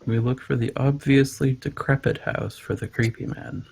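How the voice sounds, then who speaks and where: A man's voice: medium pitch, fairly even intonation, moderate pace, vocal fry, a little mellow, slightly rough. A man playing a tabletop game, chatting casually and laughing easily. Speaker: player.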